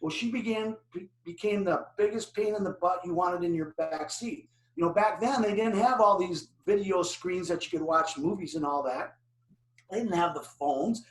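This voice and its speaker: An older man with a fairly high voice gives a driver safety talk. He tells animated stories and quizzes his audience. He sits some way from the mic, and the room echoes. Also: normal speed, recorded from a distance. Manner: animated storytelling with questions to the audience. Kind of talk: presentation to an online audience.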